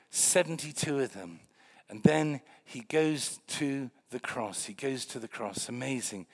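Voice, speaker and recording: An older man with a mid-range voice delivers a lively, joking sermon in a church meeting room. He swings between loud exclamations and hushed remarks.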